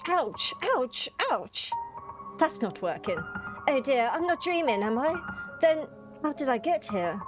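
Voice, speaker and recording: A woman's voice: high voice, very animated, measured pace. A woman voicing a dazed, polite young woman named Alice, reading game lines in a prim character voice over game music. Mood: puzzled.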